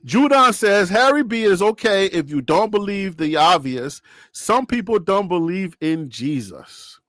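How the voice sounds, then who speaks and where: High-voiced man reacting live to a game. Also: unhurried, no echo, studio quality. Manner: animated, talks straight to chat, rambling; shouting and cheering with joy. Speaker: live stream sports reaction host.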